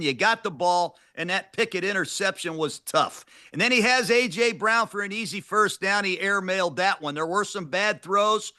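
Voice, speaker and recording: A man's voice: sits high, sharp tone. A man co-hosting a football show, giving emphatic, clipped coach-style analysis.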